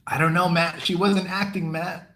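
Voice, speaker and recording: A young man hosting a livestream, chatting casually and telling a story in an animated, expressive way. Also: sits high, moderate pace, a little hiss or hum. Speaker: livestream host. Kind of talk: casual chat.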